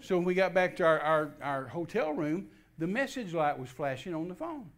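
An older man from Texas, here as a guest minister, tells his own testimony at a moderate pace in a fairly high voice. His delivery is folksy, he restarts often, and he brings the dialogue to life with animated quoting.

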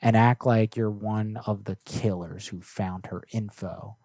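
A man's voice: on the low side, steady tone, measured pace, mellow, no echo. A young man hosting a prank call livestream, reading viewer requests in an offhand, joking way with some swearing. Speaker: prank call streamer host. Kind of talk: casual livestream chat.

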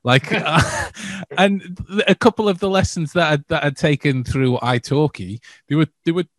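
A man's voice: on the high side, moderate pace, no room sound. A man being interviewed, talking in a hesitant way with many restarts and frequent laughter. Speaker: guest. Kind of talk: casual interview chat.

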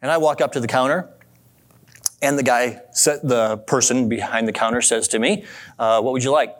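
A man preaching a sermon in a relaxed, conversational way, telling a story and asking his listeners questions. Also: mid-range voice, normal speed. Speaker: pastor.

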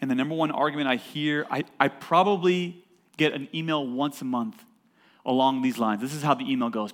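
A man preaching a sermon as a pastor in a church, emphatic and building to loud peaks, with joking asides to the congregation. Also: mid-range voice, fairly even intonation, fairly quick.

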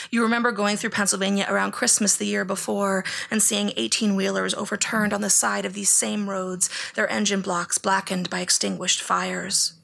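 A woman reading a memoir aloud in second person, in a hushed, even delivery that at times drops toward a whisper. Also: medium pitch, vocal fry. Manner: hushed, flat, sometimes close to a whisper. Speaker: audiobook narrator.

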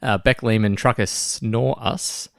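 A man's voice: fairly low pitch, steady tone, unhurried, vocal fry, fairly bright tone, no echo, studio quality. A man co-hosting a podcast in casual chat, laughing often and restarting his sentences. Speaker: podcast co-host.

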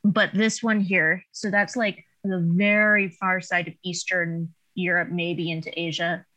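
A woman's voice: on the low side, level tone, a little slow, bright, forceful tone. A woman in casual chat, helping a friend read a map and chiming in with short agreements.

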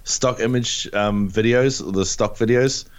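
A young man with a New Zealand accent, chatting casually as a podcast co-host and telling a story with lively put-on voices. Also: unhurried, clean tone. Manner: animated storyteller, jumps into high put-on voices. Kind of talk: casual chat.

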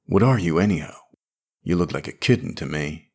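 Man doing a blunt gravelly space rogue. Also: sits low, lively intonation, a little fast, heavily acted. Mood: curious. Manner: plain, direct questions. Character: blunt tough male spacefarer, curious.

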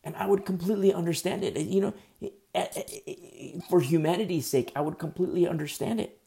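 A man preaching a sermon in an emphatic, conversational way, swinging from loud bursts to hushed asides. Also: high voice, a little fast, gravelly.

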